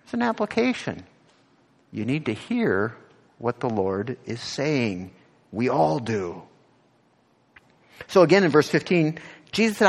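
A male pastor preaching an animated sermon. He asks the congregation direct questions and rises to emphatic peaks when he quotes scripture. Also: on the high side, long reverb tail.

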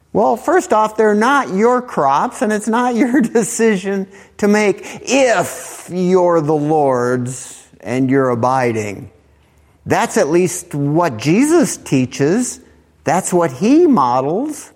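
A man preaching a sermon as pastor, animated, climbing to emphatic highs on key points and acting out quoted voices. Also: unhurried, long reverb tail. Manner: acts out quoted voices in his teaching.

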